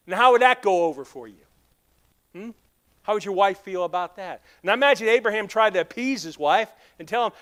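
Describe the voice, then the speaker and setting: A man with a Southern accent, preaching in a church sanctuary. His voice sits high and comes across smooth and clear. He tells humorous stories, acts out both sides of each conversation, and calls out people in the pews by name. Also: lively intonation, fairly quick, fairly bright tone. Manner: storytelling, acting out dialogue, teasing the congregation by name. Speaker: pastor. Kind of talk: sermon.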